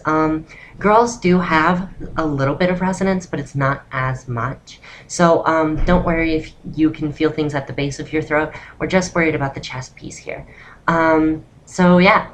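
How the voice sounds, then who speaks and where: Low-voiced woman, casual voice tutorial. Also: a little slow, a little hiss or hum. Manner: relaxed, rambling, many ums. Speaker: vlogger teaching voice training.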